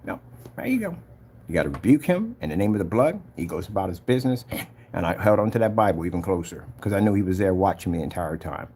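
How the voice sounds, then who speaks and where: A man's voice: fairly low pitch, a little mellow, breathy edge. A man giving a casual spoken testimony, earnest and preachy, who retells past events and acts out the voices of the people in them. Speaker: vlogger giving a personal testimony.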